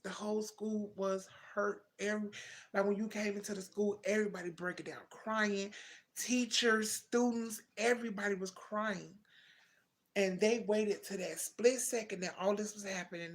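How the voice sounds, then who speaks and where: A young woman with a gravelly, fry-laden voice tells a personal story to her livestream viewers. She talks in a heartfelt, rambling way and often stops to correct herself. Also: medium pitch, steady tone, normal speed. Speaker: livestream host. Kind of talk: casual storytelling.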